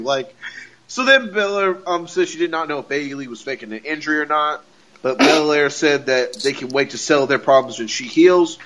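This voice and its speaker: A man hosting a podcast, recapping a wrestling show in a casual, excitable way, laughing often and repeating himself. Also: fairly high pitch, moderate pace, low-quality recording. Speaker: podcast host.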